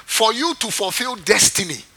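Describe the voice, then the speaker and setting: A man's voice: high voice, expressive, moderate pace, bright, forceful tone. A man preaching a sermon as pastor, quizzing his congregation and repeating phrases for emphasis. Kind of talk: sermon with call-and-response.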